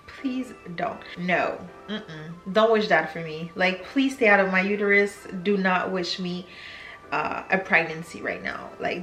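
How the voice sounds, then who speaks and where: A woman's voice: on the low side, fairly bright tone. A young woman with a French accent, talking candidly in a confessional vlog and slipping into French mid-sentence. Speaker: YouTuber. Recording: echoey room, faint music.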